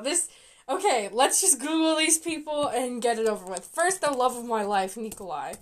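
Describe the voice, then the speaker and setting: Young woman, vlogger, excitable, gushing, loud bursts then mumbles, slightly high voice. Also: normal speed. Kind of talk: live casting reaction vlog.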